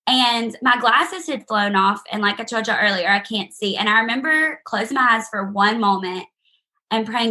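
A young woman tells her story to a gathered audience with earnest, heartfelt conviction. Her voice is bright and lifted, sitting a little high. She talks to listeners directly and personally, as if among friends. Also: moderate pace. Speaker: speaker sharing her testimony.

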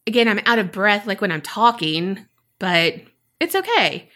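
A woman's voice: mid-range voice, very animated, measured pace, bright, forceful tone. A woman, telling a personal story on a podcast and acting out her own past remarks. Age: 30s. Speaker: podcast co-host. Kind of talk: casual storytelling chat.

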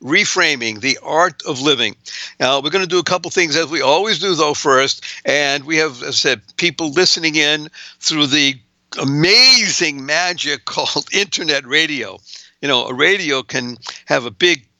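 An enthusiastic man hosts a radio show, chatting and laughing between thoughts. His voice sits a little high and very bright. The sound is close and dry. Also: moderate pace, no room sound. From Boston, USA. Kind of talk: upbeat radio talk.

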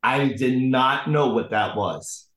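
A man's voice: mid-range voice, takes it slowly. Man telling a story in a roomy room. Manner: animated storyteller acting out the people in his stories. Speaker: podcast guest. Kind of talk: casual conversational storytelling.

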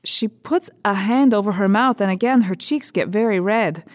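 An actress playing a blunt, matter-of-fact young Estonian immigrant woman in a radio drama, speaking halting, broken English with an Estonian accent and searching fillers. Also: mid-range voice, no room sound, clean studio sound, lightly acted.

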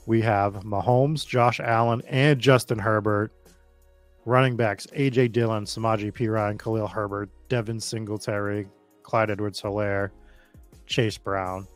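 Low-voiced man hosting a fantasy podcast. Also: measured pace, no echo, soft background music. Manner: animated, rattles through player lists. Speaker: podcast host. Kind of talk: casual fantasy football podcast chat.

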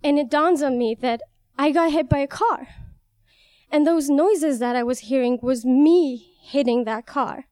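A young woman from Iran telling a vivid first-person story, animated and laughing as she goes. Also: high voice, no echo.

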